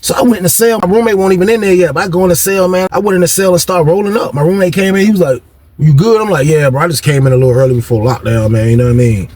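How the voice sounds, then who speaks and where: A young man casually telling a story from his own life, slangy and animated, acting out the voices of the people in it. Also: high-pitched, racing. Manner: animated, slangy, acts out quotes.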